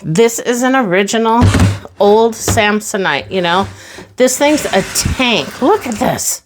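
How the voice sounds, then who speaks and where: A woman's voice: fairly high pitch, lively intonation, a little slow, noisy background. A woman in her sixties giving a chatty, upbeat tour of her closet in a casual home vlog. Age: 60s. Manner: chatty and upbeat, exclaiming as she shows things. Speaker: vlogger. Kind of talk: casual show-and-tell vlog.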